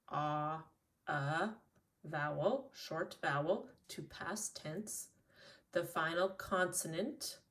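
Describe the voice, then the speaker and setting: A woman from Canada teaching an English lesson, repeating words slowly and clearly. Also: low voice, recorded from a distance. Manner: slow, deliberate repetition of single words.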